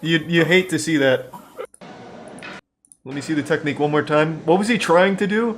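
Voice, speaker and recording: A man's voice: on the high side, normal speed, a little hiss or hum. Sarcastic man riffing on clips. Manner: sarcastic, deadpan asides with sudden excited shouts. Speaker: commentator reacting to clips. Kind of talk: casual video commentary.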